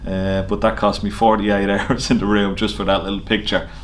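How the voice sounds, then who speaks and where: A man's voice: on the low side, little pitch movement, moderate pace, slight background noise. A man, a snooker player, casually telling an anecdote to camera with lots of fillers and easy laughter. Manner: chatty storyteller, frequent fillers and laughs. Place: snooker venue.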